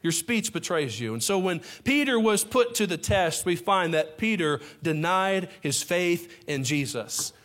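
A man's voice: high-pitched, unhurried, hardly any pauses. A man preaching a sermon to his congregation, impassioned, with folksy asides to the room. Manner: impassioned, rising to near shouts. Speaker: pastor.

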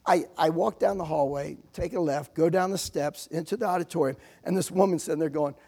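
A male missionary preacher delivers a sermon in a gravelly, husky voice that sits a little high for a man. He keeps it conversational, tossing "amen?" to the congregation between points. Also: fairly quick, few pauses, mellow. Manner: conversational preaching with frequent "amen?" asides and acted anecdotes.

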